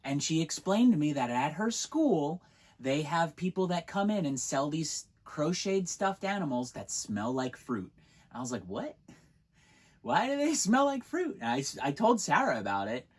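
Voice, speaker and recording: A woman's voice: low voice, moderate pace, slightly rough. A woman co-hosting, telling craft fair stories casually and acting out what people said, with laughter. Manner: animated storyteller, acts out quoted voices, laughs. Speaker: co-host. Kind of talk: casual storytelling chat.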